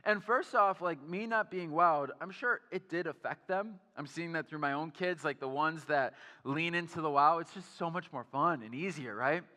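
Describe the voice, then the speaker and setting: A man's voice: a little high, moderate pace, few pauses, sharp tone, big-room sound. A man in his thirties preaching a sermon, telling personal stories in a casual way full of fillers. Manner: casual, storytelling, many fillers like "like". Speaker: pastor. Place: church sanctuary.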